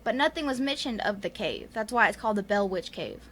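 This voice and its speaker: A woman's voice: mid-range voice, animated, brisk, fairly bright tone. A woman with a Southern US accent casually retelling a ghost story on a podcast, rambling with many fillers and frequent laughs. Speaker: podcast co-host.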